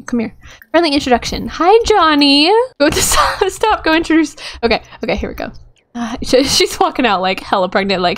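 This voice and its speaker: A young woman chatting through a game session with a fairly high voice. She giggles often and talks straight to the characters on screen, and her voice is still a little rough as she gets over a cold. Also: sing-song, normal speed. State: recovering from a cold, voice a bit rough. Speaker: gaming YouTuber. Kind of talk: casual gameplay commentary.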